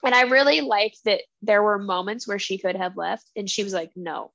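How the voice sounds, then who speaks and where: A woman's voice: mid-range voice, a little fast, vocal fry, no room sound, highs cut off. A woman co-hosting a casual book podcast, animatedly retelling scenes and acting out the characters' lines. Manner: animated retelling, acts out scenes in quoted voices. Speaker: podcast co-host.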